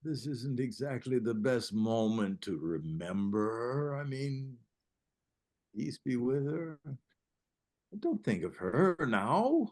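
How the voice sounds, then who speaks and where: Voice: medium pitch, sing-song, slow pace, a little mellow. An actor reading the part of an exasperated but good-natured older host who stumbles over his words when he tries to console a friend, in an amateur play reading. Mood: awkward. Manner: hesitant, stumbling, awkwardly consoling.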